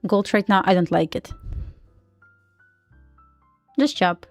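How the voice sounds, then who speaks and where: A woman with a Russian accent chatting casually on a live trading stream, full of "like" fillers and quick laughs. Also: mid-range voice, expressive, no echo, faint music behind. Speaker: live-streaming day trader.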